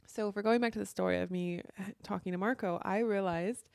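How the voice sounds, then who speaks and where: A woman's voice: mid-range voice, fairly even intonation, fairly quick, gravelly, hardly any pauses, darkish tone, clear, resonant tone, no room sound, clean studio sound. A young adult woman talking casually about her life, a spiritual coach who fills her talk with "like" and "you know.". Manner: chatty, heavy use of "like" and "you know". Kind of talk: casual monologue.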